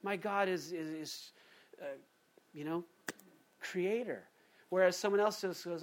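A man preaching a sermon in a conversational, animated way, acting out little quotes as he goes. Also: high voice, a little slow, long pauses. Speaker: pastor.

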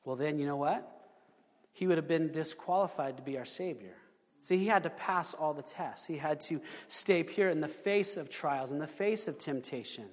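High-voiced man preaching in a reverberant hall. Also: normal speed. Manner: conversational preaching with rhetorical questions and repetitions. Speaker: pastor. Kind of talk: sermon.

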